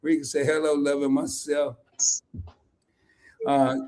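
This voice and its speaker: A man with a fairly high voice hosts a loose, chatty live stream. He jokes and teases, and his voice jumps into loud laughing bursts. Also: expressive, normal speed. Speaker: host. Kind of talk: casual live-stream chat.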